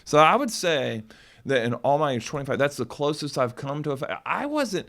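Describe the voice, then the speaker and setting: A middle-aged man, a lawyer co-hosting a podcast, telling a story in casual chat with many restarts and loud bursts when he quotes. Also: on the high side, very animated, normal speed, creaky.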